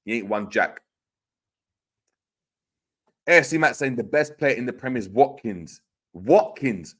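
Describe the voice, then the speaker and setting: A man's voice: medium pitch, lively intonation, a little slow, a bit bright. A man hosting a livestream, reading chat comments aloud in slangy, teasing banter. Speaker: host reading live chat.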